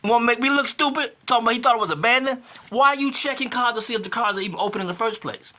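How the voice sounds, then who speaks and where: A man's voice: extremely high pitch, rapid-fire, bright, forceful tone. A man in his fifties talking casually to camera in a vlog, repeating himself for emphasis and rising to indignant outbursts. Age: 50s. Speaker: vlogger.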